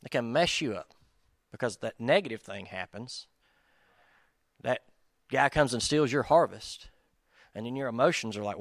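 Male preacher, conversational and self-deprecating, mid-pitched voice, dry close recording. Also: lively intonation, normal speed, gravelly, pauses often, no echo. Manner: casual, self-deprecating, addresses listeners as guys. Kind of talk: conversational sermon.

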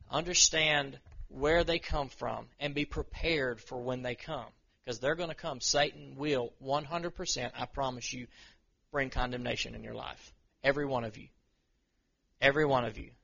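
A man preaching an informal sermon to a group of men, reading scripture slowly and then talking it through in plain, earnest words. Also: mid-range voice, vocal fry, pushed and bright, slightly rough, lo-fi sound.

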